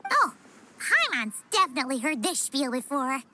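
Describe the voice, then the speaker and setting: Paimon, a squeaky excitable creature. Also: female voice, moderate pace, slight background noise, exaggerated voice. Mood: excited. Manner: excitable, refers to herself in third person. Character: tiny floating female companion creature, excitable and chatty. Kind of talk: video game voice acting. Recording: game audio with music behind.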